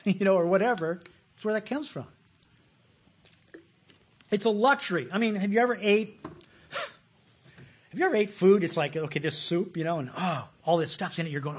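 A man preaching a sermon, folksy and animated, with repeated words and frequent chuckles. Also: sits high, moderate pace, long pauses, husky.

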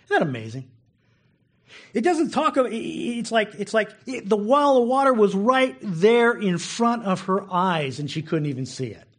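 Man preaching, casual, lively, slightly high voice, repeats his words. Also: normal speed. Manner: lively and conversational, laughing and repeating words as he goes. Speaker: pastor. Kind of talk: sermon.

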